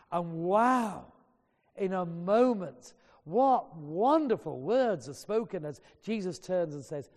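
Preacher, male, earnest storyteller with a warm voice who restarts phrases, recorded with long reverb. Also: high-pitched, sing-song, slow pace. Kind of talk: sermon storytelling.

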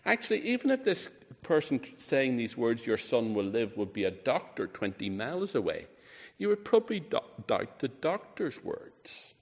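A man preaching a sermon, emphatic, rising on key words and falling low and quiet at the ends of phrases. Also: wildly swooping pitch, moderate pace. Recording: reverberant hall.

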